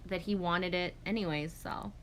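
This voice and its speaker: Speaking at a moderate pace in a lowish voice, a woman in her forties rambles casually on a livestream. She reads out viewer comments and tells animated stories with swearing and acted quotes, over slight background noise.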